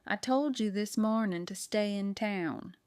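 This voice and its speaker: A woman voicing a calm, firm woman detective in an audiobook, speaking in a measured, pointed way. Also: mid-range voice, smooth, no echo, studio quality, lightly acted. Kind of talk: audiobook character reading.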